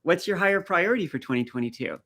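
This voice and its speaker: A man's voice: fairly high pitch, animated, fast talker, bright, forceful tone. Chatty man hosting a live stream. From rural east coast of Canada. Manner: chatty, tells stories and answers viewer comments. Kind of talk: casual live-stream chat.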